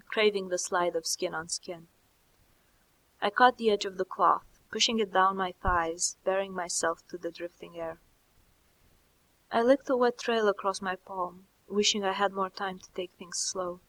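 A woman narrating a first-person story in a soft, slow, intimate reading. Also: medium pitch, low-quality recording. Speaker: audiobook narrator.

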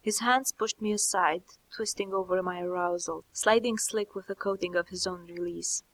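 A woman narrating a first-person story in a soft, slow, intimate reading. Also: fairly low pitch, fairly even intonation, rough recording. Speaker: audiobook narrator.

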